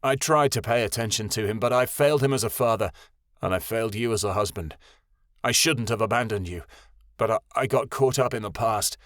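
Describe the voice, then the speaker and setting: A man's voice: lowish voice, fairly quick, a bit bright, no echo, studio quality, lightly acted. A man voicing a wounded, remorseful husband and father, pleading in a broken tone.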